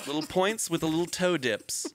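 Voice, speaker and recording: A man's voice: a little high, animated, normal speed, no echo, studio quality. A man in his thirties, a podcast host, telling a story in casual chat, acting out voices and swearing freely. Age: 30s.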